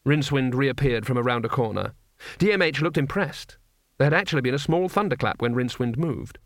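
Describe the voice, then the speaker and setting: A man narrating an audiobook in a measured, wry storytelling manner. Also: mid-range voice, expressive, no echo, studio quality.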